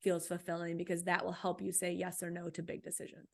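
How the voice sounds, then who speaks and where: A woman's voice: on the low side, completely flat delivery, quick pace, vocal fry, darkish tone. A woman being interviewed about her book, giving practical coaching advice and often checking in with "right?". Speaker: author and guest. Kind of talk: podcast interview answers.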